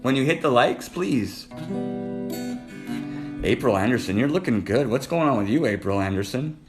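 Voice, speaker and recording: A man's voice: medium pitch, lively intonation, normal speed, over music. A man hosting a casual live stream, flirting playfully and calling out viewers by name. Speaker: livestream host reading viewer comments.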